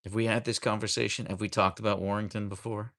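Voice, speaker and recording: A man's voice: lowish voice, little pitch movement, fast, vocal fry, fairly bright tone. A man hosting a casual livestream from home, greeting viewers by name and reading their comments aloud. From United States. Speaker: livestream host reading chat. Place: home, rainy day. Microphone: camera on a tripod.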